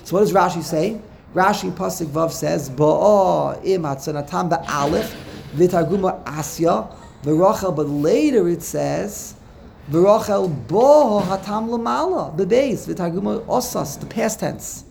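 A man's voice: high-pitched, a little slow, gravelly, a little hiss or hum. A man teaching a Torah text lesson, explaining step by step, quoting Hebrew verses and checking in with "okay?". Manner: checks in with "okay?", repeats words while thinking.

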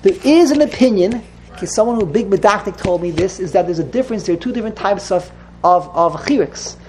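A woman's voice: medium pitch, expressive, brisk, darkish tone, rough recording. A woman teaching a religious text class to students, explaining patiently and often repeating and correcting herself.

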